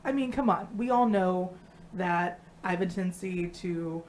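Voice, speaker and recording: A woman co-hosting a live stream, talking casually and bluntly with lots of swearing and animated storytelling. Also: lowish voice, normal speed. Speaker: co-host.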